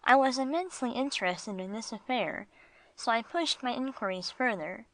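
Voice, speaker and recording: A woman narrating an audiobook with an even storytelling delivery. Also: a little high, normal speed, no echo. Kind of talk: scripted narration.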